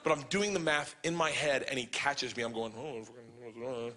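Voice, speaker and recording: Bright-voiced man doing profane stand-up. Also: fairly high pitch, fairly quick. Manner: profane, animated, acting out voices. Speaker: stand-up comedian. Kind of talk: stand-up storytelling. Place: comedy club stage.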